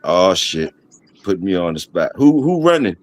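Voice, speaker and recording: A man's voice: deep voice, sing-song, moderate pace. A middle-aged man with a Baltimore accent hosting a livestream, laid-back and laughing, in casual streetwise talk. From DMV area of the US. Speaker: livestream host. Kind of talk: casual chat.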